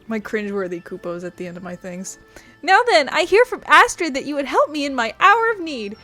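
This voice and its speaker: Woman voicing a high, flustered little moogle postman, formal and grumbling, game role. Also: fairly bright tone. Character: fussy harried little male moogle courier.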